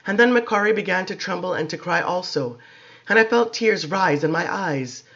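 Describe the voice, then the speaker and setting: A man giving expressive, measured dramatic audiobook narration, on a dull lo-fi recording. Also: high voice.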